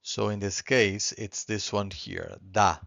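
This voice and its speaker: A man teaching a beginner language lesson, patiently repeating words slowly and clearly. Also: on the low side, fairly even intonation, a bit bright, no room sound, lo-fi sound.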